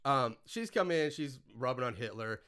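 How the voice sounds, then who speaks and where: A man's voice: medium pitch, animated, normal speed, a bit bright. A man co-hosting a casual chat, animatedly recapping a comedy film with frequent laughs.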